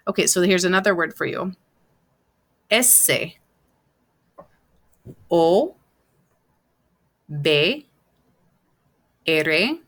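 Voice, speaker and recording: A woman's voice: lowish voice, sharp tone. A woman teacher giving a recorded online lesson, spelling words out letter by letter and repeating them patiently. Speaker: Spanish teacher.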